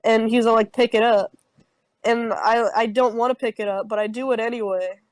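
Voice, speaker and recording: A woman's voice: fairly high pitch, steady tone, a little fast, no echo, rough recording. A young woman telling an improvised comic campfire story on a podcast, rambling with heavy swearing and many fillers. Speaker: podcast co-host.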